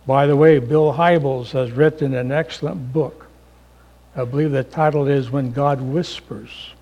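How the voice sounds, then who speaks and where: A man pastor preaching a sermon, swinging between loud emphasis and hushed, near-whispered lines. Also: medium pitch, fairly even intonation, measured pace.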